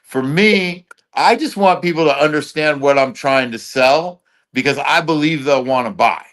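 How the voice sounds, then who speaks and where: A man's voice: on the high side, normal speed, a bit bright. A man being interviewed as a guest, talking in blunt, loose street slang full of swearing. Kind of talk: casual chat.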